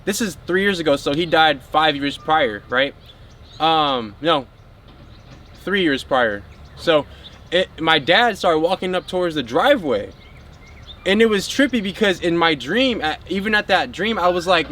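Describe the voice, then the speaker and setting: A man's voice: fairly high pitch, animated, measured pace, pushed and bright. A man talking casually and spiritually to his viewers in a rambling way, full of filler words. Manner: addresses viewers as a group. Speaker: spiritual vlogger.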